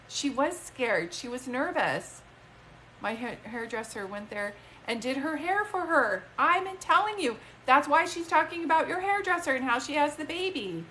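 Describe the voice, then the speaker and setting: A woman's voice: high voice, a bit bright, a little hiss or hum, low-quality recording. A woman working as a psychic medium, giving a rambling, emphatic reading to a caller. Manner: chatty, emphatic, rambling with restarts. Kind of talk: live-stream reading to a caller.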